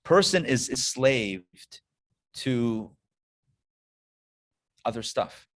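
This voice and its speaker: A man, a rabbi, giving a lively lecture with storytelling to a live class, talking conversationally and checking in with listeners through quick questions. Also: high-pitched. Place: live class before an audience.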